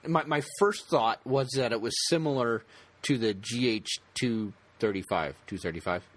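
A man co-hosts a casual conversation about a TV show. His pitch sits in the middle for a man. He speaks in halting bursts full of fillers and restarts. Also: dry recording. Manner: halting, many restarts and fillers, laughs often. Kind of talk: casual chat.

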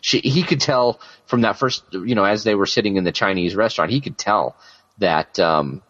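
A man's voice: on the low side, moderate pace, a bit bright, a little hiss or hum. A man co-hosting a casual chat about a TV show, rambling a little with fillers and laughing easily. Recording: dull lo-fi sound.

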